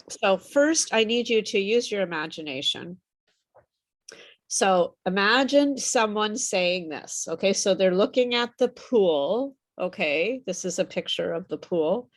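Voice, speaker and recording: A woman teaching an online English pronunciation class over a video call, slow and patient, her voice a little worn as she says she is losing it. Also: medium pitch. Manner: patient, repeats and models words slowly.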